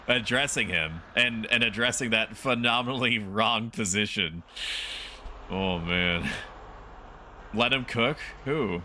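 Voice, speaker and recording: A man's voice: fairly low pitch, moderate pace, bright, forceful tone, slight background noise. A man streaming a horror game, chatting casually, joking and laughing as he rambles.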